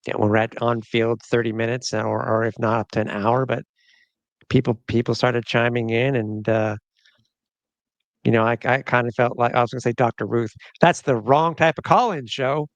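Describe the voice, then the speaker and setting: A middle-aged man with a gravelly edge hosts a sports podcast in loose, joking chat. He rambles and laughs often. The sound is dry and close to the mic. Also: medium pitch, steady tone, moderate pace, no room sound. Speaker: podcast host.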